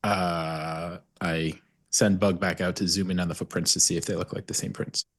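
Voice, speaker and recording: A man's voice: low voice, level tone, normal speed, a bit bright. A man playing a tabletop game, thinking aloud and listing his options. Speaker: player.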